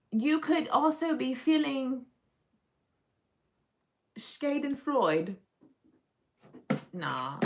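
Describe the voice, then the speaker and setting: A woman's voice: on the high side, gravelly, background noise. A woman hosting a casual live stream, playful and joking, drawing out words as she sounds them out. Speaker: livestream host.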